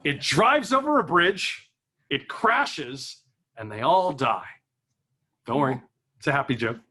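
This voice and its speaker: Man, stand-up comedian, animated, higher voice, laughs at own jokes. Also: measured pace, husky.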